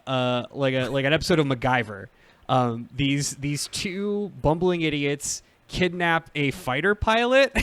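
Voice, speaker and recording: Rambling through a casual podcast chat he's hosting, a thirty-something man laughs often and fills his speech with fillers. He has a fairly high, fairly bright voice, recorded with no echo.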